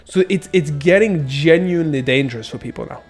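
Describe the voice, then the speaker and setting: A man chatting casually on a stream, his voice sitting a little higher than most men's. He rambles, restarts his sentences and swears freely, with faint music running in the background. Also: brisk, slightly rough. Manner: rambling, frequent fillers and restarts, blunt swearing. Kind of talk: casual chat.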